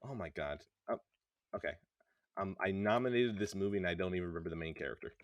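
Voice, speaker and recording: A man's voice: low voice, lively intonation, quick pace, no room sound, highs cut off. A man hosting a casual podcast chat, joking and laughing often. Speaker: podcast host.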